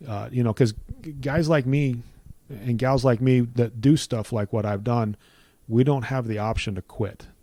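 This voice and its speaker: Earnest middle-aged man, mellow voice. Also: medium pitch, fairly even intonation, measured pace, dry recording. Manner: earnest, preacherly build-ups with repeated phrases. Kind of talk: personal testimony in conversation.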